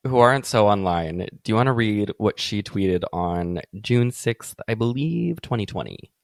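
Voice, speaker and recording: A man co-hosts a casual podcast with a very lively, swinging pitch and a wry, animated delivery. The sound is dry and close, with no room around it. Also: moderate pace, vocal fry, no room sound.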